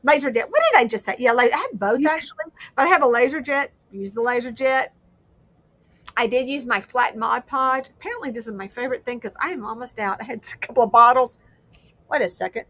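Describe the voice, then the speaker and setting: A woman's voice: a little high, quick pace, fairly bright tone, dry recording. A woman hosting a casual crafting livestream, chatting in a rambling, self-deprecating way. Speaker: livestream host.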